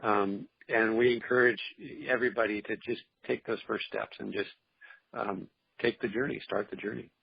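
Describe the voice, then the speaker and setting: A man's voice: on the low side, fairly even intonation, moderate pace, vocal fry, husky, no echo. A man speaking as an interview guest, talking in an earnest, encouraging way. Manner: earnest, encouraging, faith-driven. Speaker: interview guest, film producer. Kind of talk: casual interview talk. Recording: dull, lo-fi remote audio.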